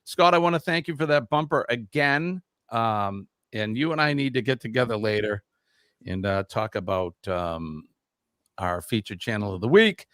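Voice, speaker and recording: Man, live stream host, animated voice, dry close sound. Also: lowish voice, moderate pace, dry recording. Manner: lively, chatty, reads out viewer comments. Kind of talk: casual live chat and quiz.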